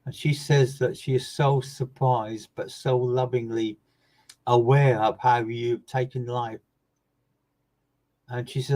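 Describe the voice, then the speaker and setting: Brief: male medium, earnest and emphatic, mid-pitched voice, repeats phrases, loud bursts that drop to soft asides. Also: little pitch movement, takes it slowly, long pauses, rough recording. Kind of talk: live online mediumship reading addressing viewers by name.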